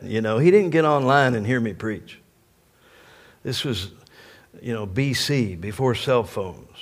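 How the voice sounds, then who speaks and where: An older man, a pastor, telling a story in a sermon in an animated way and laughing along with it. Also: medium pitch. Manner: animated, laughs through his own story. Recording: long echo of a large hall.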